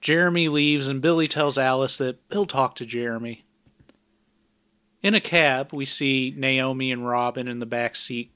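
A man's voice: medium pitch, moderate pace, pushed and bright, clear, resonant tone, no echo. A man co-hosting a podcast, summarizing a film's plot in a plain conversational way with dry asides. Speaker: podcast co-host recapping a film. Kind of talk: casual recap narration.

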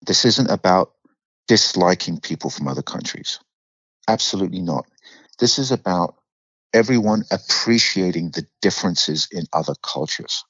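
Animated swearing man with a London accent. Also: low-pitched, normal speed, breathy edge, no room sound, muffled recording. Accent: London English. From England. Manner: animated storyteller, swears freely, acts out quotes. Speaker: guest actor. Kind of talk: casual podcast interview.

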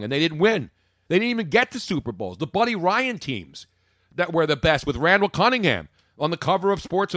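A man talks sports with an emphatic, opinionated delivery, tossing out rhetorical questions and jokey asides. His pitch sits a little high and swings widely. The sound is dry and close. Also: fairly bright tone, no room sound. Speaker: sports talk host.

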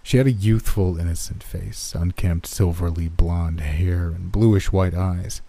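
A man reading a first-person horror story aloud in a slow, measured, hushed manner. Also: low voice, fairly even intonation. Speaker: narrator. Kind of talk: scripted horror story narration.

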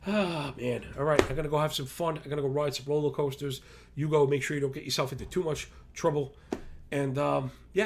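Gravelly rambling New man. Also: fairly high pitch, brisk, noisy background. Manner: rambling, excitable, self-described motor mouth. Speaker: podcast host. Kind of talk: casual talk to listeners.

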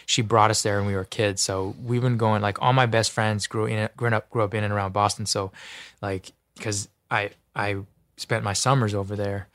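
A man who is an actor, talking as a podcast guest in an earnest, expressive way, his voice jumping up when excited. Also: lowish voice, normal speed, dry recording, studio quality. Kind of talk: casual interview chat.

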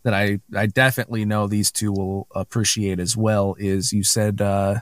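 A man's voice: fairly low pitch, flat delivery, normal speed, no echo, clean studio sound. A man hosting a podcast, chatting casually and backing up his guests. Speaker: podcast host. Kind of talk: casual interview chat.

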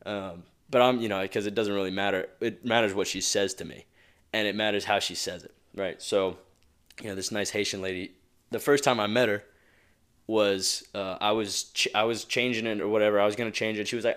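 A young man hosts a motivational podcast solo, talking casually in a rambling, conversational way with frequent asides and plenty of chuckles. His voice is on the low side, steady, a little fast, slightly bright, clear, and resonant.

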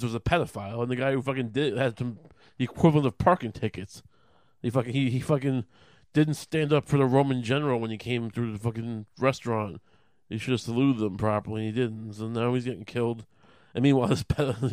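A man's voice: medium pitch, expressive, fairly quick, dry recording. A young man casually retelling a story in a rambling, sarcastic way, swearing a lot and restarting his sentences often.

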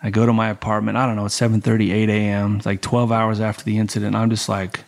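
A man's voice: lowish voice, quick pace, creaky. A man telling a story as a podcast guest, casual and profane, acting out the voices of the people in it. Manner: profane, animated, acts out the voices in his stories.

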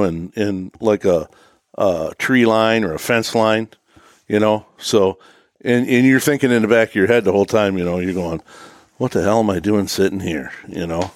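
A man's voice: on the low side, dry recording, clean studio sound. A man recounting a hunting trip in a rambling casual way, filling gaps with "you know". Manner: rambling, lots of "you know", laughs at himself. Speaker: podcast co-host. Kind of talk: casual chat.

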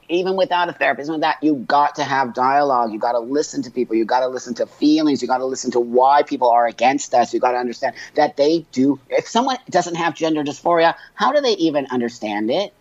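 Animated, emotional man telling his story. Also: fairly high pitch, dry recording, muffled recording. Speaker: interview guest. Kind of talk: candid conversational interview.

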